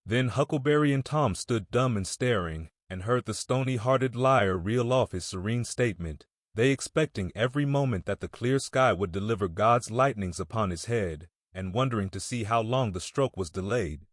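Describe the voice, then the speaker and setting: A man reading a classic novel aloud as an audiobook narrator, in a measured, steady storytelling manner. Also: on the low side, no room sound, clean studio sound. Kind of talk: scripted narration.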